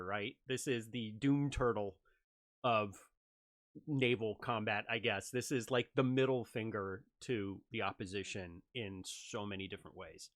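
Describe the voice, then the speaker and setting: Casual male reaction host, halting. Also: on the low side, steady tone, a bit bright. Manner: loose and hesitant, many fillers, laughs along.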